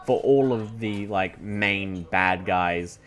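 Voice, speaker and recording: A man's voice: lowish voice, slow. Young man chatting over gameplay. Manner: eager, rambling explainer with many fillers. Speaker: gameplay commentator. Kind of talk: casual let's play chat.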